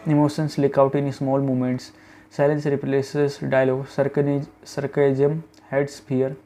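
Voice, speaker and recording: A man's voice: mid-range voice, dark tone, poor audio. A man reading a scripted film review as a voice-over, in short clipped phrases with occasional restarts.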